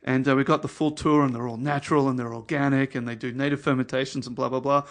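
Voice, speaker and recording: A man's voice: mid-range voice, fairly even intonation, fast. A man who owns a winery, telling long stories as a podcast guest, with plenty of ums and restarts. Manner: rambling anecdotes with many "um"s and restarts. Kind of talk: casual storytelling interview.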